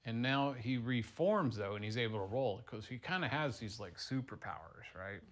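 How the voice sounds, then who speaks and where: A man improvising a playful story for a child, moving from hushed tones to excited bursts. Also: mid-range voice, normal speed.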